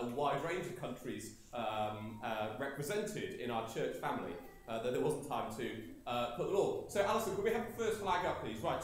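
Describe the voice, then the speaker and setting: A man's voice: on the high side, a little hiss or hum. A man leading a morning church service, joking with the congregation in a playful, chatty way with many fillers. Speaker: preacher. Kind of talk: lively church service talk. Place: large church hall with congregation. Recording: echoey church hall with congregation.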